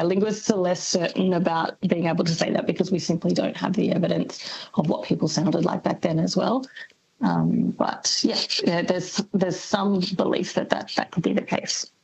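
Gravelly-voiced woman explaining with care. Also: lowish voice, steady tone, normal speed, darkish tone, muffled recording. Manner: thoughtful, hedging, many ums. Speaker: linguist guest. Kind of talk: radio interview, expert explanation.

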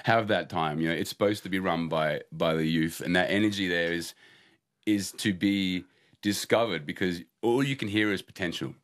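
An Australian musician from Adelaide talks casually in an interview. His low voice is animated, and he laughs often as he reflects. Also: moderate pace. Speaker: musician guest.

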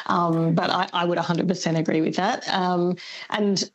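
A woman's voice: fairly low pitch, fairly even intonation, normal speed, highs cut off. A woman speaking as an expert guest in a radio interview, thoughtful and hedging, often laughing lightly.

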